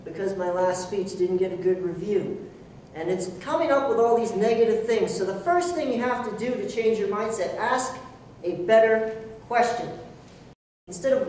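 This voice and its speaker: A man's voice: high-pitched, expressive, moderate pace, a little mellow, slight background noise. A man giving an earnest, self-deprecating motivational speech to a club audience, acting out his own inner voice. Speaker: motivational speaker. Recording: echoey room, voice from far off.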